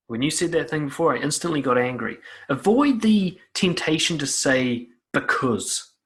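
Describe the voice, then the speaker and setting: A man's voice: a little high, expressive, normal speed, hardly any pauses, a bit bright. Blunt, profane male self-help coach. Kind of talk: direct advice monologue.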